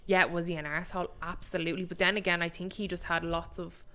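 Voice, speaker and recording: Chatty gossiping woman, smooth low voice. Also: fairly even intonation, fast, bright, forceful tone. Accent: English. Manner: chatty, gossipy, lots of fillers. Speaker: podcast co-host. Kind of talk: casual chat.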